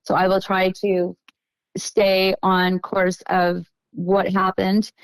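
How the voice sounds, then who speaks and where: Smooth-voiced middle-aged woman telling stories. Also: mid-range voice, monotone, slow pace, no echo, poor audio. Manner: meandering, self-correcting storyteller. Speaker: podcast guest. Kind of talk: casual storytelling interview.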